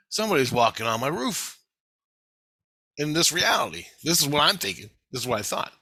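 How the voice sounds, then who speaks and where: Brief: excitable, foul-mouthed man vlogging, crisp forceful tone, dry close sound. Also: fairly high pitch, moderate pace, no echo. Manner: profane, rambling, excitable. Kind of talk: casual storytelling.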